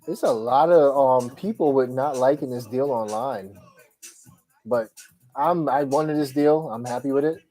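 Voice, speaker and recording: A man's voice: mid-range voice, unhurried, mellow, soft background music, rough recording. A man hosting a podcast live stream, chatting casually and rambling with many "um" fillers, sounding tired. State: tired, yawning. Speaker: podcast host.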